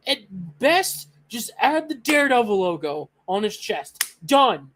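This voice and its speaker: A young adult streamer ranting excitedly and profanely in a casual live-stream reaction, with loud outbursts. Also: medium pitch, measured pace, few pauses, slight background noise.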